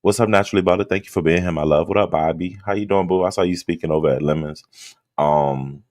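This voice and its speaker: Male streamer, extremely low voice, sleepy late-night drawl, dry close sound, chatting with viewers. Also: quick pace, dry recording. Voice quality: just-woke-up low drawl. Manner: relaxed, greets chat members by name. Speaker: livestream host. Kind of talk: late-night casual livestream chat.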